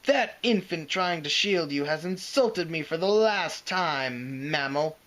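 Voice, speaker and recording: A man's voice: sits high, sing-song, a little slow, a bit bright, pitched above the performer's own voice, heavily acted, rough recording. Man doing a scornful snarling green dragon. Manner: mocking, snarling, growling.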